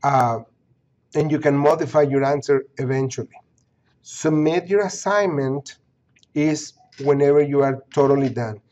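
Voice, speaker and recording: A man's voice: a little high, measured pace, darkish tone, highs cut off. A man teaching an online course, walking students through its pages step by step, repeating points and checking in with "okay?". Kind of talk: screen-recorded course walkthrough.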